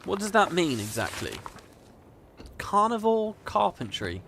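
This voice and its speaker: A man's voice: high-pitched, unhurried, vocal fry, slight background noise. A man hosting a gaming video, chatting casually and reading game text aloud with amused, mock-dramatic commentary. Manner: animated, chuckling, mock-dramatic.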